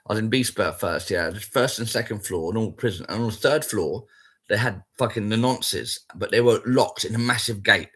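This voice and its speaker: Brief: man, husky voice, blunt and foul-mouthed, rambling and repetitive. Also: on the low side, normal speed, a bit bright. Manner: sweary, blunt and rambling, repeats himself. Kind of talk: casual spoken rant.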